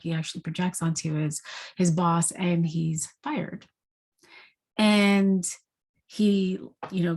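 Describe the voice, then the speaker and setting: A woman with a husky, slightly breathy voice that sits a little low gives a spiritual talk. She retells a story in an animated way and often adds "you know" and "right?". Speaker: intuitive energy forecaster.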